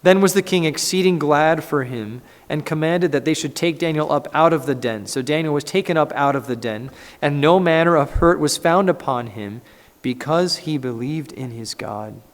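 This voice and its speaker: A man, a pastor, preaching a conversational, animated sermon in a church and acting out scripture. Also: on the high side, normal speed. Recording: echoey church hall.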